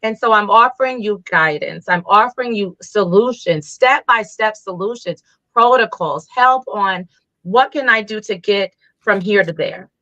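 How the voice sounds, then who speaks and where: Animated woman healer telling stories. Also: mid-range voice, a little slow. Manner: animated storyteller, acts out quoted voices. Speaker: Reiki healer guest. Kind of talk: casual interview talk.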